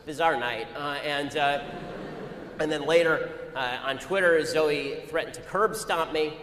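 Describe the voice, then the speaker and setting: A man telling a story to an audience in a rapid-fire, argumentative way. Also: on the high side, a bit bright. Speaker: speaker addressing an audience. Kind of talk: anecdotal public talk. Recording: echoey hall with long reverb, faint ambient noise.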